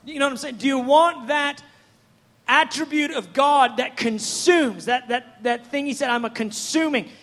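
Guy preaching a sermon, really high voice for a man, fired up and chatty, wanders off on tangents. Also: measured pace, fairly bright tone. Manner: fervent, conversational and rambling.

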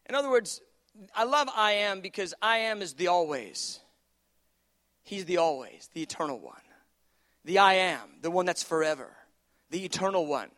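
High-voiced passionate male preacher. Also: lively intonation, a little slow, long pauses. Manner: passionate, swings from hushed asides to loud emphatic declarations; chuckles often while preaching. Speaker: pastor. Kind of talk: sermon.

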